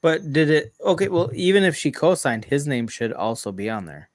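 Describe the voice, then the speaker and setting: A man's voice: a little high, big pitch swings, moderate pace. A man co-hosting a podcast, reasoning through a story in casual talk and playing devil's advocate. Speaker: podcast co-host. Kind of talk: casual conversation.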